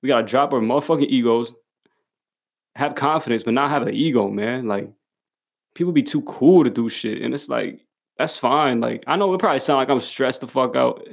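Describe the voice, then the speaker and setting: Speaking briskly in a mid-range voice with vocal fry, a young man gives the camera a laid-back pep talk. His delivery is profane and emphatic, heavy on blunt street slang, with frequent laughter mixed in.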